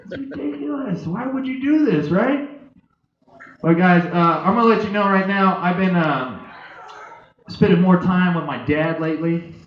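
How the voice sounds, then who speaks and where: Young man, stand-up comedy, high lively voice, echoey club, dull low-fi sound. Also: normal speed. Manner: animated, jumps into loud high voices for characters.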